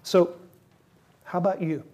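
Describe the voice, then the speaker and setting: A man's voice: sits high, steady tone, unhurried, darkish tone. A male pastor preaching a sermon, acting out both sides of a back-and-forth with an imagined listener. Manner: acts out a doubting listener in a raised, pleading voice; dialogue between himself and an imagined listener.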